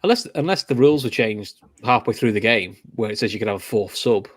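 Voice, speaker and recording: Lively Liverpool man telling football stories. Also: fairly low pitch, quick pace, no echo, clean studio sound. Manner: animated storytelling, acts out reactions. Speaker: podcast host. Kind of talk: casual football chat.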